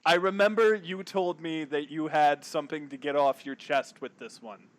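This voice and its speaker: A man's voice: a little high, normal speed. Upbeat man hosting casual chat. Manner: upbeat, reads out discussion topics. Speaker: host.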